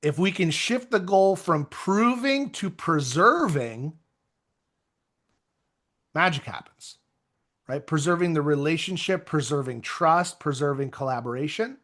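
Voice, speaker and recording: A man coaching real estate agents in an energetic, conversational motivational talk with self-deprecating asides. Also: fairly high pitch, a little slow.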